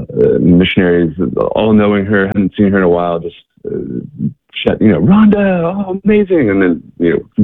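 A man telling earnest stories as an interview guest, halting with many restarts and fillers, over a phone-like line. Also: sits low, no room sound. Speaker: guest, missionary organization worker. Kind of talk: interview storytelling. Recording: tinny phone-like line, dry.

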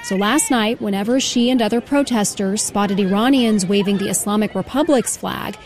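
A woman reading a scripted news report as a reporter, with steady, vivid storytelling. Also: medium pitch, moderate pace, a little hiss or hum.

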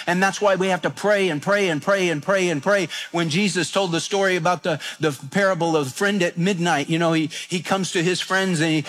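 A man's voice: high voice, fairly bright tone. A man preaching a radio sermon, telling folksy stories and repeating his points with restarts. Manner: folksy storytelling with repeated phrases.

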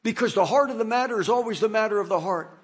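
A man preaching a sermon, animated and dramatizing the scripture passages he reads. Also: high voice, quick pace, breathy edge.

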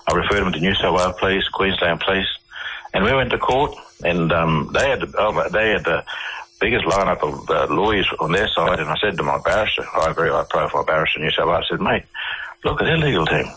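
An Australian man telling his stories on a radio show, his voice low and husky. His tone is bright and forward, and he keeps restarting his sentences as he goes. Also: poor audio. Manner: halting, many restarts and fillers. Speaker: radio guest. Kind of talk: casual interview storytelling.

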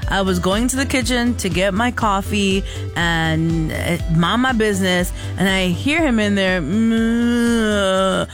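A woman's voice: mid-range voice, measured pace, faint music behind. A woman co-hosting a morning radio show, telling a story with a dry, unbothered manner. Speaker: radio co-host.

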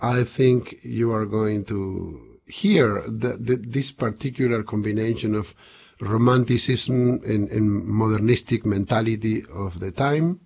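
A man hosting a classical music radio show, introducing pieces with unhurried enthusiasm. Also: lowish voice, gravelly, slightly rough, muffled recording. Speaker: radio host and composer.

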